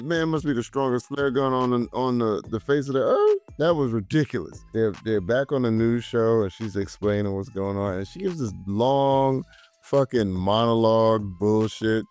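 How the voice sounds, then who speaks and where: A man's voice: lowish voice, moderate pace, a little mellow, faint music behind. A man co-hosting a casual film review, retelling scenes incredulously and swearing freely.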